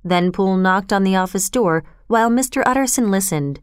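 A woman narrating a classic storybook in a steady, deliberate reading. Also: medium pitch, clear, resonant tone, no echo, studio quality. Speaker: audiobook narrator. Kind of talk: scripted narration.

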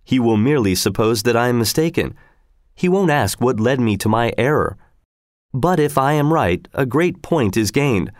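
A man narrating a story aloud in a steady, measured reading manner. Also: mid-range voice, no echo, clean studio sound. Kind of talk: scripted audiobook narration.

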